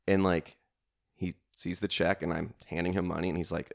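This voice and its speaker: A man's voice: low-pitched, moderate pace, vocal fry. A man hosting a comedy podcast alone, telling stories in a casual, rambling way full of swearing, fillers and self-mockery. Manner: swearing, self-mocking storytelling with lots of fillers.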